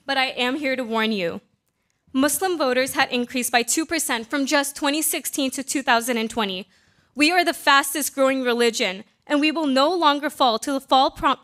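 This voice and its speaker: A woman's voice: high voice, fairly bright tone. A young woman giving an impassioned, accusatory public comment at a city council meeting. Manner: impassioned, accusatory, rising to pleading.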